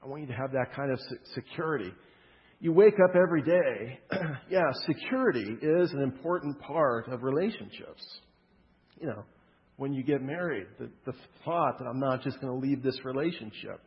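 A man preaching a sermon in a loose, conversational way, often checking in with the audience. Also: medium pitch. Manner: casual, energetic preaching with frequent "okay?" check-ins. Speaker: pastor. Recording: dull sound with long hall reverb.

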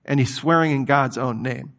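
A man preaching a sermon, reading scripture aloud and commenting on it in a lively, conversational way. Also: mid-range voice, normal speed.

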